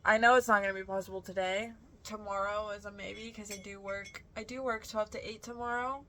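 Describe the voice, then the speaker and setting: A young woman talks through her reading plans in a loose, rambling vlog chat, often stopping to correct herself. Her voice sits at an ordinary middle pitch. A faint hiss of background noise runs under the recording. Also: steady tone, fairly quick, bright, forceful tone. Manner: chatty, rambling, self-correcting. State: out of breath. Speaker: book vlogger.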